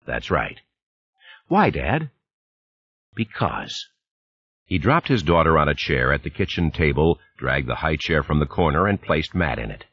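A man narrating an audiobook in a lively, expressive reading. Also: a bass voice, fairly quick, few pauses, breathy edge, no room sound, dull audio. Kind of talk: scripted narration.

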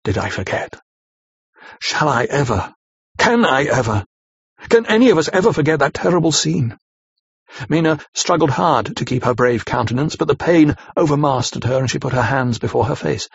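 A man narrating a classic novel aloud in a steady, grave storytelling manner, on a slightly muffled dry recording. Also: medium pitch, gravelly, husky, no room sound. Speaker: audiobook narrator.

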